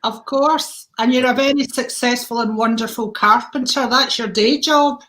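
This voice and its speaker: A woman's voice: a little high, steady tone, normal speed, a bit bright. A woman hosting a casual livestream chat about mediumship, effusive and enthusiastic as she greets viewers by name. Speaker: host, mediumship teacher.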